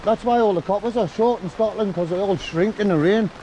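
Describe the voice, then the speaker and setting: A man with a Northern English accent, filming police outdoors in the rain and teasing them with cheeky, mock-flattering banter. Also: sits high, brisk, a little hiss or hum, rough recording. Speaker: photography auditor filming police. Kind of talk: joking street banter.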